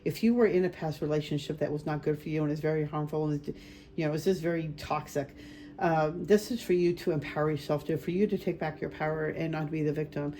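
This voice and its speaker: A woman's voice: low-pitched, fairly even intonation, brisk, dark tone, a little hiss or hum. A woman doing a group card reading as a spiritual medium, talking casually and rambling with many fillers and restarts.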